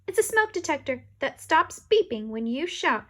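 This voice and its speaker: A woman voicing an upbeat older grandmother who teaches and invents, talking in an encouraging, excited way. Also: high voice, normal speed, pitched above the performer's own voice. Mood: cheerful.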